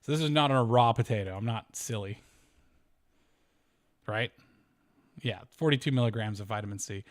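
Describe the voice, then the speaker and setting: A homesteading channel host talks casually through a spreadsheet with a lowish voice at a moderate pace, leaving long pauses. He works out numbers out loud, corrects himself, chuckles, and lets his voice rise and fall.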